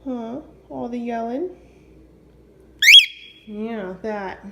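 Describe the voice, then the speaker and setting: A woman at home talking to her pet bird, gently scolding and teasing it. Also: fairly high pitch, extremely slow, creaky, muffled recording. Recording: loud background noise.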